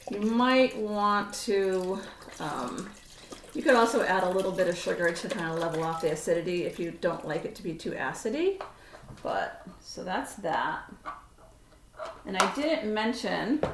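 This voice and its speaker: A woman's voice: medium pitch, slight background noise. A woman giving a casual cooking demonstration in her home kitchen, chatty and self-correcting as she works. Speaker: cooking instructor. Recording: roomy kitchen sound from a distant camera mic.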